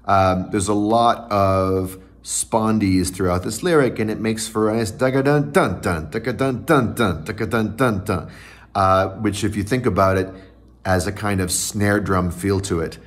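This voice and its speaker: A male podcast host with a somewhat low voice walks through technical terms in a patient, teacherly way, reaching for everyday examples. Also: fairly even intonation, measured pace. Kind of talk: explanatory podcast talk.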